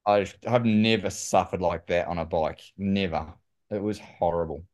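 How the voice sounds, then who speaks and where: A man with a New Zealand accent, a guest telling lively stories in casual conversation and saying "mate" often. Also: sits low, moderate pace. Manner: animated, says "mate" often. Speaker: guest, former pro cyclist. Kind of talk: casual storytelling.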